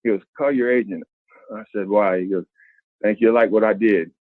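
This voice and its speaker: A middle-aged former basketball player telling stories in an interview, acting out what others said. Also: male voice, lowish voice, moderate pace, no room sound. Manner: animated storyteller, acts out quoted voices. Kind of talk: candid storytelling interview. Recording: thin phone-like sound, dry.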